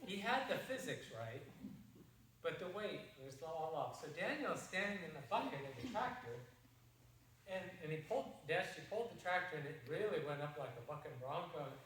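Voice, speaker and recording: A man's voice: a little high, animated, moderate pace, a bit bright, slight background noise. A middle-aged man giving a seminar talk, telling a story in a folksy, rambling way with many restarts. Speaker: seminar presenter. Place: seminar room. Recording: distant mic in an echoey room.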